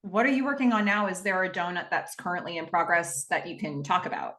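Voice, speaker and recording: A woman's voice: on the low side, expressive, brisk, fairly bright tone, echoey room. A woman hosting a casual interview, laughing often and summing up her guest's points thoughtfully. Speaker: interview host.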